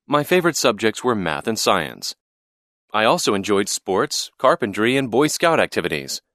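A man reading a story, lively and dry. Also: on the low side, no echo. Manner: clear, expressive reading. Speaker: narrator. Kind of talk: scripted storybook narration.

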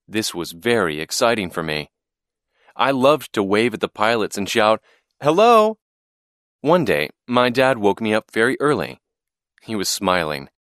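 A man reads a first-person story aloud in a clear, expressive way. His pitch moves with a lot of life. The sound is dry and close. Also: moderate pace, no echo. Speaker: narrator. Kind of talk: scripted storybook narration.

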